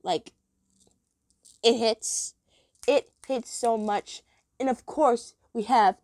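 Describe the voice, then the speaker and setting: A woman's voice: on the high side, slow, long pauses, a little mellow, no echo, studio quality. A woman chatting casually as she ranks cartoon episodes, gushing and giggly. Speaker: episode ranking vlogger. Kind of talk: casual chat.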